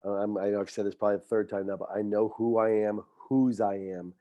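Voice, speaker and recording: A man's voice: on the low side, flat delivery, fast talker, dark tone, dry recording, dull audio. Heartfelt middle-aged man, coach. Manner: heartfelt, faith-filled, repeats words when moved. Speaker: high school football coach and teacher. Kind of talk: emotional podcast interview.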